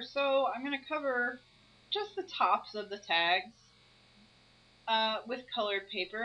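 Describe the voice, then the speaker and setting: A woman's voice: medium pitch, lo-fi sound. A woman narrating her own crafting video, explaining each step as she works.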